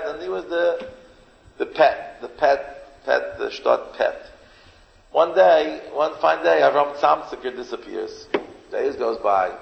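Male rabbi giving an emphatic, repetitive story sermon. Gravelly voice, recorded in an echoing hall. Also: mid-range voice. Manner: repetitive, emphatic, sprinkled with Yiddish and Hebrew terms. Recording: echoey hall, dull lo-fi sound.

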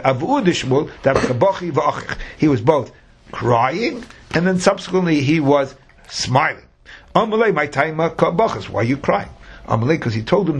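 A man's voice: fairly high pitch, breathy edge. A man teaching a Talmud class, reading the Aramaic phrase by phrase and explaining each in English.

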